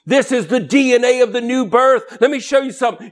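A high-pitched man preaches a sermon, folksy and colloquial, full of jokes. He drops into quiet low asides and then climbs into loud, shouting emphasis. His tone stays down-home and conversational throughout. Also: a little fast, hardly any pauses. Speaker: pastor.

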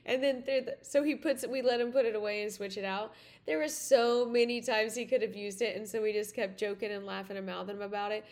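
A woman's voice: medium pitch, steady tone, fast talker, darkish tone. A woman hosting a podcast, telling a story in a casual, rambling way full of "like" and "you know.". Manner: chatty, full of "like" and "you know", many restarts. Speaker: podcast host.

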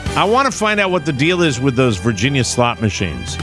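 A man's voice: mid-range voice, a little fast, over music. A man hosting a talk show, chatting casually and joking with his co-hosts. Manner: joking, lively delivery. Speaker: host. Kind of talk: casual radio show chat.

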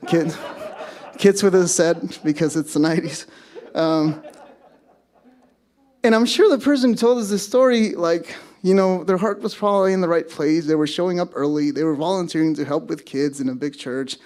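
A man's voice: on the high side, moderate pace, darkish tone. A man in his thirties from Mexico, a pastor giving a sermon as casual storytelling with self-deprecating humor.

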